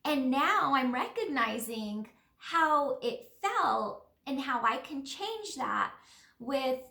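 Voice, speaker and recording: Woman, high voice, earnest rambling reflection, roomy echoey sound. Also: very animated, slow, gravelly, pushed and bright. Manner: rambling, earnest, many fillers. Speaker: spiritual healer. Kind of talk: casual reflective monologue. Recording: roomy echo.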